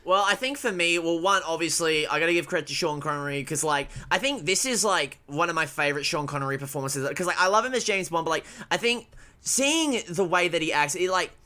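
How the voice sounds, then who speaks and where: A man's voice: a little high, brisk, bright, forceful tone. A young man co-hosting a film podcast, talking casually with many restarts and fillers. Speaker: podcast co-host.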